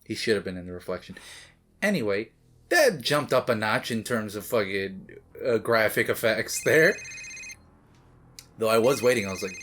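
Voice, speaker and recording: A man's voice: fairly low pitch, expressive, normal speed, pauses often, noisy background. A man hosting a movie reaction, rambling and joking as he talks back to the screen. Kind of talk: casual reaction commentary.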